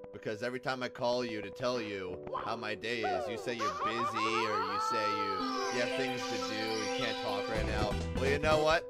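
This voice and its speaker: A man's voice: medium pitch, poor audio. A man telling a pointless story in a mock-serious, stumbling way, full of restarts. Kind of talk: mock-sincere rambling monologue. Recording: loud music behind the voice.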